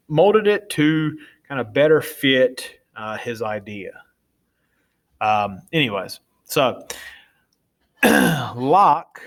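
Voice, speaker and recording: A young adult man teaching a class in a chatty, informal way, often stopping to correct himself. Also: mid-range voice. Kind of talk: casual classroom lecture.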